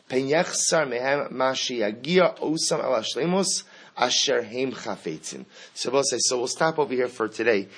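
Man, husky voice, mid-pitched, reads a text aloud then explains it slowly, restarts sentences as he thinks. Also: fairly bright tone. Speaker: Torah teacher. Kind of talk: early-morning text class.

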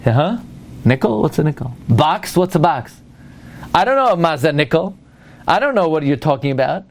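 A man's voice: a little high, lively intonation, moderate pace. A man giving a Torah lecture who tells stories and speaks emphatically, putting rhetorical questions to his listeners and mixing Hebrew and Yiddish terms into his English. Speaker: rabbi teaching Torah.

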